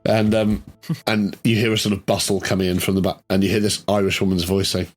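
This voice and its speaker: A man narrating a tabletop horror game as game master, in a relaxed, rambling way. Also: deep voice, a little fast.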